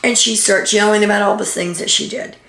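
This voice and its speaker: Chatty woman with a gravelly voice. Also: mid-range voice, steady tone, brisk, a bit bright. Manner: chatty storytelling, reads out quotes with filler ums. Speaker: reality TV recap vlogger. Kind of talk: casual episode recap. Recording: echoey room.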